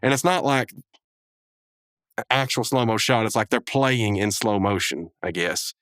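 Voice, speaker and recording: A man's voice: fairly low pitch, measured pace, fairly bright tone, no room sound, studio quality. A man hosting a podcast, recapping an episode in a rambling, chuckling way with many asides. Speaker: podcast host.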